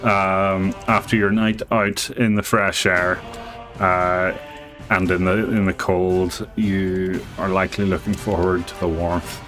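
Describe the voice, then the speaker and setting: Slow, low-voiced man running a tabletop game. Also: little pitch movement, a bit bright, soft background music. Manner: halting, with many fillers and restarts. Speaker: game master. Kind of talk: narrating a live tabletop game.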